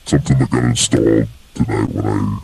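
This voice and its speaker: Man on a demon voice filter, very deep, rough and gravelly, casual chat. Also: steady tone, brisk, a little mellow. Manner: casual, testing voice effects. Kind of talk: casual live-stream chat.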